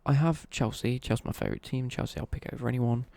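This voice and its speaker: At home on a live stream, a young man from the East Midlands of England rambles and corrects himself as he responds to viewers. His medium-pitched voice is mellow, dark and gravelly, and he talks fast. The recording is dry and close.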